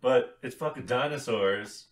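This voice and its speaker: A man co-hosting a podcast, chatting casually about movies with a relaxed, laughing manner. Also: medium pitch, unhurried, distant mic. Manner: relaxed, laughs often, profane. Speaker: podcast co-host.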